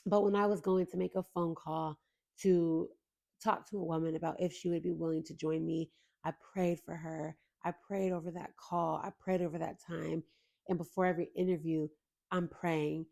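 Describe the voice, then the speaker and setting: A woman's voice: fairly low pitch, flat delivery, moderate pace, gravelly, a little mellow. A young adult woman hosting a faith podcast, talking in an earnest, emotional way straight to her listeners. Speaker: podcast host. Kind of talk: heartfelt faith podcast intro.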